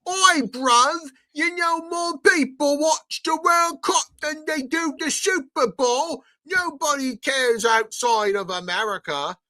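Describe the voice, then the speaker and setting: A man's voice: slow, few pauses, pushed and bright, full character voice. Man mimicking a smug football fan. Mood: sneering. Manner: high sneering mimicry. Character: mocking British sports fan, smug and dismissive.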